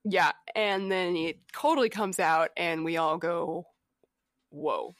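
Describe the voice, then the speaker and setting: A woman's voice: lowish voice, a little slow, no echo, clean studio sound. A young adult woman co-hosting a casual recap chat. She talks animatedly, laughs often and acts out characters' lines. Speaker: podcast co-host.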